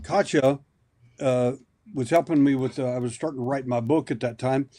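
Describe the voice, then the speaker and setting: A man's voice: mid-range voice, steady tone, normal speed, warm tone. A man as a podcast guest, telling a long personal story in a rambling, anecdotal way, often restarting his sentences. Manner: rambling, anecdotal, with many repeated starts. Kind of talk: storytelling in an interview.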